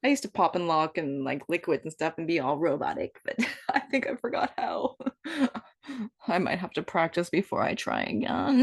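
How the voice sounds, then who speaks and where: Playful, animated woman in her fifties. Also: sits low, unhurried, vocal fry, pauses often. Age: 50s. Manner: playful, meandering, self-mocking. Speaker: vlogger. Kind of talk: improvised rambling monologue.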